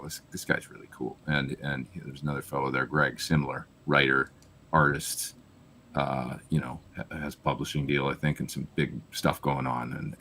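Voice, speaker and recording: A man's voice: rumbling low, a bit bright. A man from Canada, a guest musician on a live video call, talking casually and rambling with lots of fillers. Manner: rambling, trails off with many fillers.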